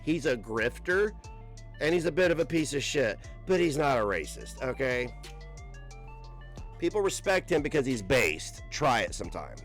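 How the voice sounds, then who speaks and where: A man's voice: very animated, moderate pace. Guy ranting on a live stream, swears a ton, voice swings way up and down, bit of music behind. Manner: profane, combative, mocking, with bursts of high laughter. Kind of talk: angry live-stream rant.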